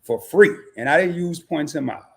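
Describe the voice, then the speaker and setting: A man's voice: a little high, animated, brisk, vocal fry. A man hosting a casual livestream interview, teasing his guest and laughing often. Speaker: livestream host.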